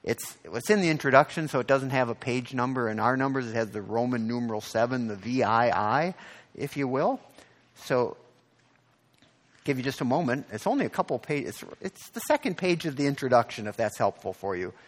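A man preaching a sermon in a conversational way, often asking his listeners questions and reading passages aloud slowly with emphasis. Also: mid-range voice, expressive. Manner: conversational, asks the congregation questions, frequent "right?". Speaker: pastor.

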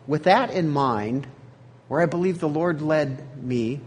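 A man's voice: fairly high pitch, slow pace, breathy edge. A man preaching a sermon, reading scripture aloud and then explaining it in a conversational way. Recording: long hall reverb.

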